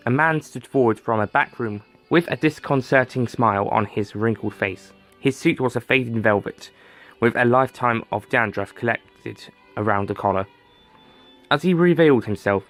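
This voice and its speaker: A man's voice: mid-range voice, moderate pace, faint music behind. A man narrating a story in a dry, wry scripted read.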